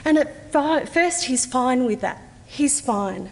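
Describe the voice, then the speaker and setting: A woman's voice: high voice, lively intonation, a little mellow. Earnest Australian woman in a reverberant hall. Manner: measured, earnest, with slow deliberate pauses. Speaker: conference speaker. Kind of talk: personal testimony, read aloud. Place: conference hall.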